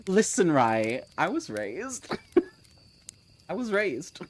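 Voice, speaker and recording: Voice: medium pitch, wildly swooping pitch, very slow, slight background noise. A young adult book streamer chatting casually on a live reading sprint, answering chat messages, laughing often and swearing freely.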